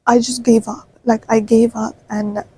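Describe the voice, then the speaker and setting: A woman in her twenties telling a personal story to the camera in a chatty, animated way. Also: a little high, a little slow, breathy edge, low-quality recording. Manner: chatty, animated, full of fillers. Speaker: vlogger.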